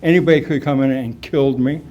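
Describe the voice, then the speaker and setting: A middle-aged man giving a rambling, animated personal testimony at a recovery meeting, full of fillers and asides. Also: mid-range voice, quick pace, muffled recording. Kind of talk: personal testimony, casual storytelling.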